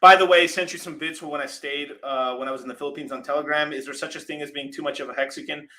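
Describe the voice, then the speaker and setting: A man's voice: on the high side, fairly even intonation, fast, pushed and bright. A young man hosting a casual crypto livestream, rambling loosely, swearing freely and reading out viewer super chats.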